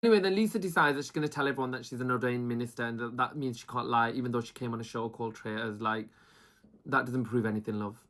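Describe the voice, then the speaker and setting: A reality TV reviewer offers fast, casual commentary full of gossip and attitude. The delivery is animated, regularly slipping into high, mimicked voices to quote the contestants.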